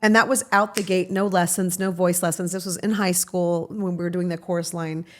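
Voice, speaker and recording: A middle-aged woman telling rambling, animated anecdotes as a guest in a casual interview. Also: lowish voice, fairly quick, slight background noise. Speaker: guest, talent manager.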